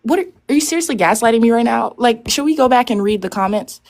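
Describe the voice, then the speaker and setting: A woman's voice: on the high side, lively intonation, fast, darkish tone. Indignant young woman, swearing. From United States. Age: 20s. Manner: indignant, swears, talks over others. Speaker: live stream panelist. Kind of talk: heated live stream argument.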